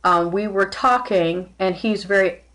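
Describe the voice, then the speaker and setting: A woman chatting in a loose, halting livestream style, full of fillers and restarts. She breaks off now and then to greet viewers by name. Her voice sits at an ordinary middle pitch. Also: a bit bright. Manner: greets viewers mid-speech. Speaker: spiritual medium host. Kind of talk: casual livestream talk.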